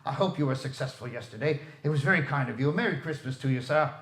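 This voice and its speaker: Guy putting on a giddy reformed old miser, booming, lively swoops, echoey room. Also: fast, natural voice. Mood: eager. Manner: eager, effusive, booming. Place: library room.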